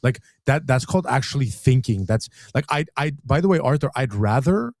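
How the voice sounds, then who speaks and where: A man co-hosts a casual live commentary stream, talking fast and loose, full of restarts and filler words. His voice is dark and mellow. The sound is close and dry. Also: mid-range voice, animated, vocal fry, no echo. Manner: rambling, many restarts and filler "like". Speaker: co-host.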